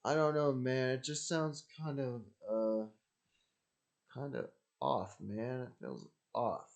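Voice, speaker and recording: A man's voice: mid-range voice, slow, creaky. A man hosting his own channel, talking casually in a rambling, jokey way and repeating himself often. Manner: repetitive, jokey, digressive. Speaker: channel host. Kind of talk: casual rambling solo talk.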